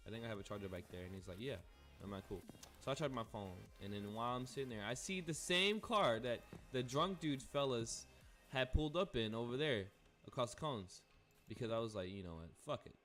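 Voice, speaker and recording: A man's voice: lowish voice, fairly bright tone. A young man casually telling a rambling, profane story while playing a game. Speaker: gaming streamer.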